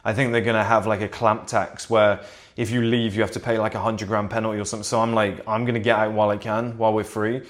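A man vlogging casually to camera from his seat at home, rambling, swearing freely and pushing a sales pitch. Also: flat delivery, fast talker. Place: seated at home in a flat. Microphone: camera in front of him.

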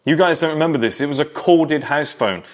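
A man's voice: fairly high pitch, a little fast. Man in his thirties telling stories. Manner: direct, lecturing storyteller who acts out scenes. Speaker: speaker addressing young men. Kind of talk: storytelling monologue.

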